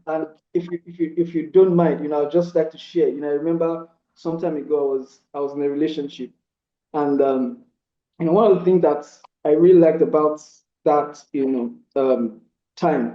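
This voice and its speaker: A man giving earnest, casual relationship advice, padding his points with frequent "you know" fillers and restarts. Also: on the high side. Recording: roomy, dull lo-fi sound.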